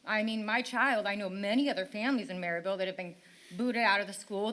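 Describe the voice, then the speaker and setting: Bright-voiced frustrated woman pleading. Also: medium pitch, fast talker. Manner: frustrated, pleading, rhetorical questions. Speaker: parent speaking at public comment. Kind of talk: impassioned public comment. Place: town council meeting chamber.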